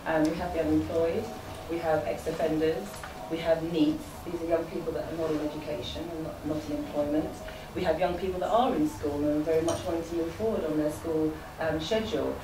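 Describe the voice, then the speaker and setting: A woman with a deep, low voice speaks to an audience in a measured way, pausing on fillers. She sounds far from the mic in an echoey hall, with clear room noise around her. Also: steady tone. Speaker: youth forum organiser. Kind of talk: presentation to an audience. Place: event hall with a live audience.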